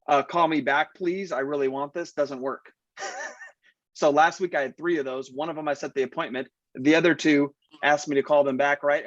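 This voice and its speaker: An agreeable man chats through sales tips in a casual meeting, dropping plenty of "like" and "right?". His voice is mid-pitched. The sound is dry and close, with a dull, lo-fi quality. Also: no echo. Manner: agreeable, chatty, lots of "like" and "right?". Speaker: insurance agent. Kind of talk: casual training talk.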